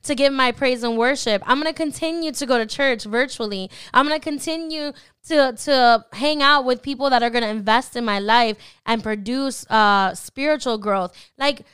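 A young woman hosts a faith podcast in a casual, animated way, slipping into quoted inner thoughts. Her voice is high and bright, with a very clean, crisp tone. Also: moderate pace. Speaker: podcast host.

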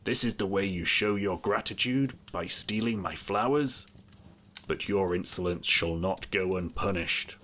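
A man voicing an angry, grim beast who rules a castle, speaking in a stern, menacing way in a deep voice. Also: measured pace, fairly bright tone, a little hiss or hum. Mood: furious.

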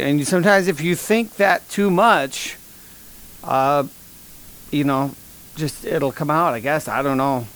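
A man with a fairly high voice delivers a comedic monologue. He rants in a dry, sarcastic, deadpan way and slips into mock sponsor reads. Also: slow pace, pauses often. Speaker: podcast host.

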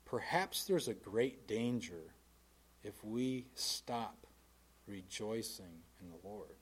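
A man's voice: lowish voice, lively intonation, takes it slowly, slightly rough. Earnest male preacher delivering a sermon. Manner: emphatic, swings from loud to quiet.

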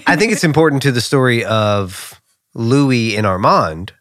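A young man co-hosting a podcast, tossing in jokes and teasing asides in casual chat. His pitch swings widely, bouncing up and down as he talks. The recording is dry and close, with no room sound. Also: expressive, unhurried, fairly bright tone, dry recording. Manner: joking, teasing, playful interjections. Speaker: podcast co-host.

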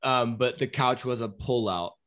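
A man's voice: mid-range voice, moderate pace, fairly bright tone. Rambling, casual man in New York apartment. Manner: rambling, swears casually, trails off with ums. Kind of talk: casual chat.

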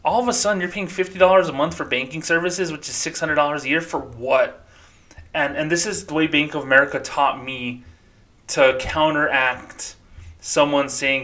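A man's voice: mid-range voice, fairly even intonation, a little fast, pushed and bright. A man hosting his own podcast, talking alone in a heated, profane rant. His voice sits in an ordinary middle register, and the delivery stays casual and fired up. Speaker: podcast host. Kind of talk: solo podcast commentary.

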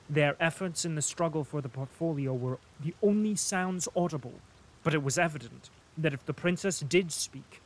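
Slow, measured male audiobook narrator. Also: a little high, poor audio. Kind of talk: scripted narration of a classic novel.

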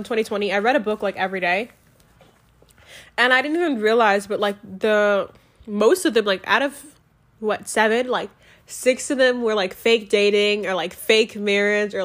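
A young woman chatting casually about a book she loved, rambling and excitable, full of "like" fillers, recorded on a home mic. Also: mid-range voice. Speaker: book reviewer. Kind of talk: casual book review chat.

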